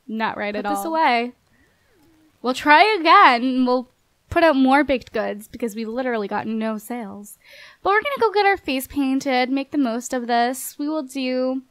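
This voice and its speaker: Bubbly and quick to laugh, this gameplay commentator keeps up a steady chatter as she plays a life-sim game, encouraging and telling off the characters directly. Her voice is high and bright. She's recorded close on a dry mic, with no echo or room sound at all.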